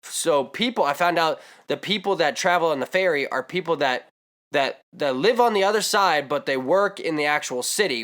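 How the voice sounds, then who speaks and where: A man's voice: on the high side, lively intonation, fairly quick, a bit bright. A young man vlogging, telling a comedic story with exaggerated asides and rambling digressions.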